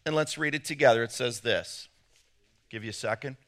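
A man's voice: mid-range voice, fairly quick, fairly bright tone. A middle-aged male pastor preaching a sermon, joking and acting out the voices of the people he quotes.

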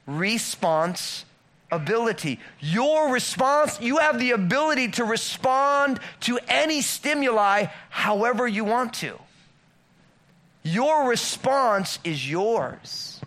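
A man's voice: sits high, pushed and bright. A middle-aged man preaching a sermon in a conversational way, with many rhetorical questions and emphatic repetitions. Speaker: pastor.

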